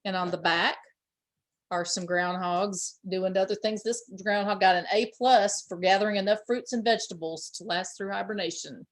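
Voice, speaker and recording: A woman teacher reads a picture book to small children at an even middle pitch. She stops often to explain words and asks the children questions. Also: moderate pace. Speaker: pre-K teacher. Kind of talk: reading a picture book aloud to young children.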